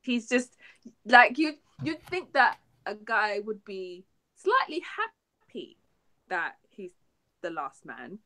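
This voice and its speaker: A young woman co-hosting a geek podcast, chatting excitedly and laughing often. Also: mid-range voice, takes it slowly. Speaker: podcast co-host. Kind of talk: casual geek chat.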